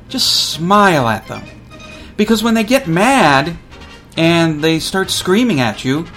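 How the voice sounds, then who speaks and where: A man's voice: fairly high pitch, a bit bright. A man hosting a college radio show, telling a story casually and acting out other people's lines.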